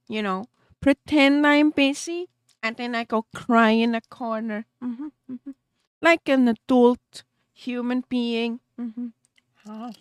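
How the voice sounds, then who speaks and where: A woman's voice: fairly high pitch, clean tone, no echo. A woman VTuber streamer chatting casually with her viewers, giggly and openly emotional, laughing often and rambling with small restarts.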